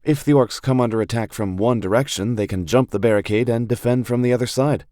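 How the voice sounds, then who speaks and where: A man voicing a practical young woman archer who talks in a brisk, matter-of-fact way. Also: medium pitch, mellow, no echo, clean studio sound, pitched above the performer's own voice, lightly acted.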